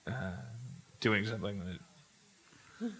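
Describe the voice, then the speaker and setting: A slightly drunk man playing a tabletop game on stage, talking in halting, rambling, apologetic bursts. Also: fairly low pitch, big pitch swings, pushed and bright, breathy edge. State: a little drunk. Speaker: player. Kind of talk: live tabletop game play. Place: live stage before an audience. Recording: live show with background noise.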